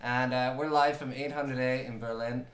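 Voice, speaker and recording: A man's voice: medium pitch, fairly even intonation, moderate pace, fairly bright tone. A man hosting a live folk music showcase, chatting casually and joking as he rambles along. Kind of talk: casual live-stream chat. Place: private room in a home venue. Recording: echoey room.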